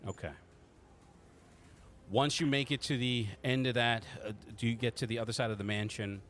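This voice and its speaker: A man's voice: mid-range voice, steady tone, moderate pace, a bit bright, slight background noise. A man running a tabletop game as game master, casual and teasing, rambling with frequent restarts.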